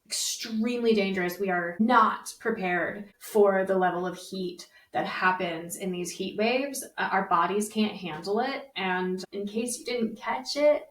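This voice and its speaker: A young woman co-hosting a podcast in a lively, chatty way, full of casual fillers. She sits a little back from the mic, and the room adds a noticeable echo. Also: medium pitch, unhurried, few pauses. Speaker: podcast co-host. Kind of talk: casual chat. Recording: roomy, slightly distant mic.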